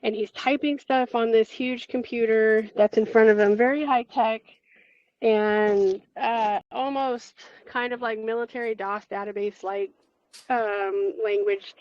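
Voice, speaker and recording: A woman's voice: fairly high pitch, fairly even intonation, unhurried, darkish tone, no room sound. Chatty woman on a dull video call. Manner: chatty, many fillers and restarts, laughs between lines. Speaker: interview guest. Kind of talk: casual spoken storytelling. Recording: dull lo-fi, dry.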